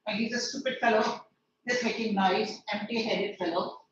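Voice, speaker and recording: Here the woman teaching English online has a mid-range voice, fairly even intonation and a normal speed. Going through a play line by line, she paraphrases each verse and questions her students. A little hiss or hum sits under the echoey, distant, lo-fi lecture recording.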